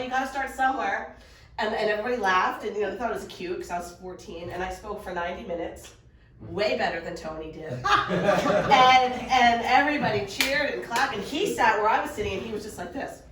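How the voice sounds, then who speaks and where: A middle-aged woman, a mindset coach, telling a story in a lively, fast way to a live workshop audience. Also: medium pitch, noisy background. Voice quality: animated, fast storytelling with laughs. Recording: echoey room, voice from far off.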